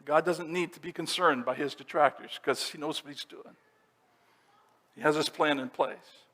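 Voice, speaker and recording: A pastor giving a sermon, explaining scripture verse by verse in a teaching manner. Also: male voice, on the high side, moderate pace, pushed and bright. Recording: long reverb of a church hall.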